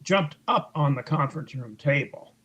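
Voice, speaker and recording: With a sharp, slightly rough voice on the high side, a man speaks at a moderate pace with lively intonation, captured on a rough recording. He's being interviewed as an author and recounts events at length in a conversational way, acting out what others said in raised voices, with frequent fillers and restarts.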